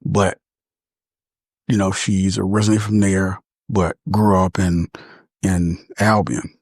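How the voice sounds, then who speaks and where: A podcast speaker from Michigan, USA, with a very low, husky voice, delivers a reflective personal monologue at an unhurried pace, often pausing to find words. His delivery is flat and a little mellow, and the sound is close and dry with no room sound.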